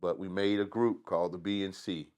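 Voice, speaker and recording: A middle-aged man from Atlanta with a Southern accent, telling profane, animated stories as an interview guest. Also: sits low, brisk. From Atlanta, Georgia. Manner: animated storyteller, profane, drawling asides. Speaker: guest rapper. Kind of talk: casual storytelling interview.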